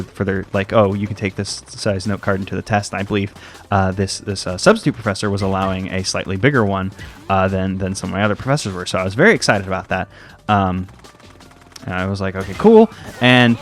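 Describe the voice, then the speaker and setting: A man's voice: fairly low pitch, fairly bright tone. A young American man giving casual, rambling commentary over a video game, full of fillers and side stories. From United States. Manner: rambling, tangent-prone, heavy on fillers. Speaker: let's play host.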